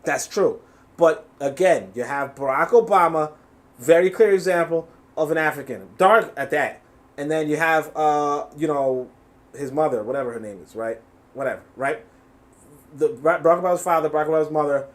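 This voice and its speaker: A man hosting a live reaction stream, reading chat comments aloud and mocking what he hears, swearing and laughing as he goes. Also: a little high. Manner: animated, mocking, swears freely, laughs often.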